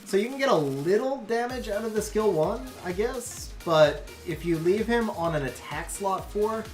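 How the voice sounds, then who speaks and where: A game streamer doing excitable play-by-play commentary on a match replay, then chatting casually with viewers. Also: mid-range voice, moderate pace, reverberant, soft background music.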